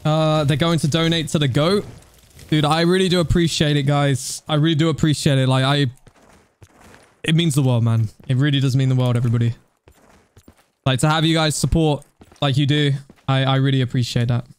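A young man streaming a game, chatting casually and thanking donors, getting excited at times. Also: fairly high pitch, fairly quick, pauses often, clean tone. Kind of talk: casual live-stream chat.

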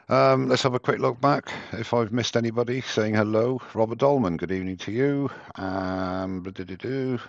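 Male host, very low voice, dull dry headset sound, rambling and self-mocking. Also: dry recording. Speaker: host of a live woodturning demo. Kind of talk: casual live-stream chat.

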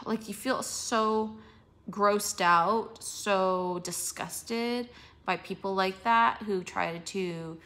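A young woman rambles to her viewers in a casual vlog, her voice bright and forward. She swears freely and keeps losing and hunting for her words. A yawn slips into her talk now and then. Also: mid-range voice, fairly even intonation, extremely slow. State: yawning. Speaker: vlogger.

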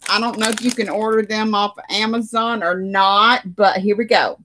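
A woman's voice: mid-range voice, fairly even intonation, moderate pace, sharp tone. A woman hosting a casual crochet livestream from her living room, chatting with viewers and laughing often. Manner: chatty, reads out comments, frequent laughter. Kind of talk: casual chat with live viewers.

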